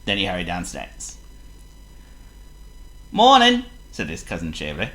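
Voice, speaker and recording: A man narrating a children's storybook in a lively, theatrical way. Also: sits low, fast talker, slight background noise.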